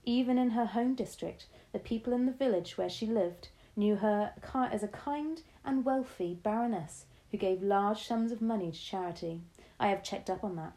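A woman's voice: mid-range voice, normal speed, dark tone, natural voice, rough recording. Shrewd, determined grandmother, firm and knowing, as a woman reads her.

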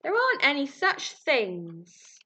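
A man's voice: extremely high pitch, huge pitch swings, slow, bright, forceful tone, voice pushed up, heavily acted. MacDermot Duff, a woman doing a bluff Scottish hunter. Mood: gruff. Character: black-bearded bloodthirsty Scottish hunter.

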